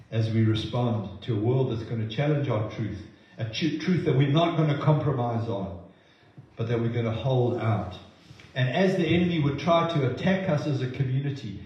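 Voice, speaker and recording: A man preaching a sermon in an earnest way, often repeating words as he goes and acting out quotes with lively voices. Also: mid-range voice. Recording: very echoey, slightly dull sound.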